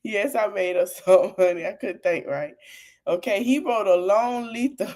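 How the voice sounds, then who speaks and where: A woman hosting a podcast, talking to her audience in an animated, casual way about politics and laughing often. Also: mid-range voice, moderate pace. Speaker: podcast host.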